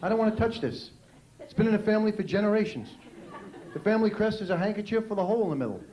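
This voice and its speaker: A man with a New York accent performing a stand-up comedy routine on a club stage, delivering jokes punchily and shouting out his character bits. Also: sits high, animated, very fast. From New York City. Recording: echoey club with crowd noise.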